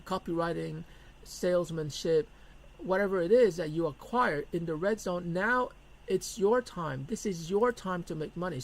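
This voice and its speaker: A man's voice: sits high, creaky, low-quality recording. A middle-aged man teaching a business lesson in a blunt, emphatic way, repeating his key points. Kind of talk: lecture to camera.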